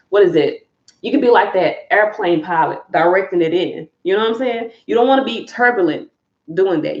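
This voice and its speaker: A woman's voice: lowish voice, a little mellow, reverberant, lo-fi sound. A woman giving a live collective tarot reading to her viewers, talking candidly and emphatically with casual swearing. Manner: candid, profane, emphatic, addresses viewers as y'all. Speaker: tarot reader.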